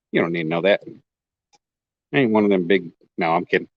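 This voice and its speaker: A man's voice: sits low, lively intonation, fairly quick, long pauses, no echo, dull audio. A man from Oklahoma chatting casually on a fishing livestream outdoors, reading comments and joking with viewers. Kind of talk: casual live-stream chat reading comments. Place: outdoors at a lake bank.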